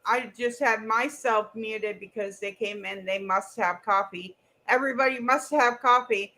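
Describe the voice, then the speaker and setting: A woman's voice: a little high, unhurried, bright, forceful tone, poor audio. A middle-aged woman hosting a casual livestream chat, blunt and goofy, swearing freely. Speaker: streamer and co-host.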